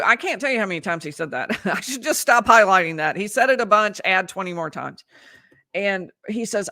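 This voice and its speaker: A woman's voice: medium pitch, animated, measured pace, pauses often, pushed and bright, no echo, studio quality. A woman lawyer giving conversational live commentary on a trial, reading out quotes and often restarting her sentences. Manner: conversational, reads out transcript quotes, frequent restarts. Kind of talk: livestream legal commentary.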